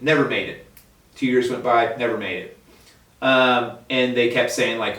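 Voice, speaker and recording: A man's voice: mid-range voice, a little fast, a bit bright. A man in a fly shop, ranting profanely about fishing line in casual talk, heard from a distance. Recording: echoey room, mic at a distance.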